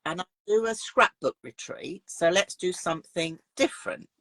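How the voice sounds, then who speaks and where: A woman's voice: fairly low pitch, expressive, normal speed, vocal fry, fairly bright tone, no room sound. A woman, a craft teacher chatting in an interview and explaining her retreats in chatty detail. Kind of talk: casual interview chat.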